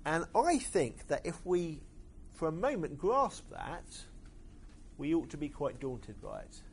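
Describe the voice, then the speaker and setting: A man preaching a sermon, pausing often with hesitant fillers. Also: a little high, big pitch swings, creaky, slight background noise.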